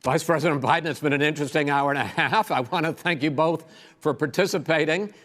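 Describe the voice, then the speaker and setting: A man moderating a televised debate, giving formal, measured closing remarks. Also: a little high, a bit bright, long reverb tail. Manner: firm, measured.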